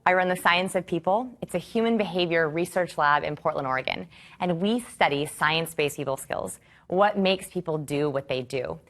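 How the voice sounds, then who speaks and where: A woman in her thirties teaching a course to a live audience, enthusiastic and expressive, asking rhetorical questions. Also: on the low side, moderate pace. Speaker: course instructor.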